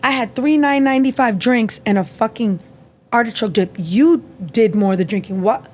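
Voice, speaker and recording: A young woman with a slightly high, darkish voice and moderate pace hosts a podcast. In casual chat, she tells a story, acting out both sides and laughing often.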